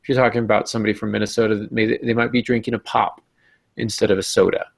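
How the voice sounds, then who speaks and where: A man with a gravelly, creaky voice hosts a writing podcast in a casual, thinking-aloud way. He hesitates often, restarts his sentences and pokes fun at himself. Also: on the low side, little pitch movement, fast. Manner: hesitant, many ums and restarts, self-deprecating. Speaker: podcast host. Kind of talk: casual discussion.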